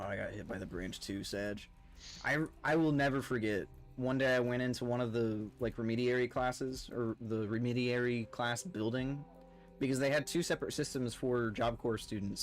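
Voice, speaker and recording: A man's voice: mid-range voice, normal speed, soft background music. A man streaming a game with friends, rambling through a funny work story, swearing freely and laughing at himself. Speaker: streamer playing with guildmates. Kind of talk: casual storytelling while gaming.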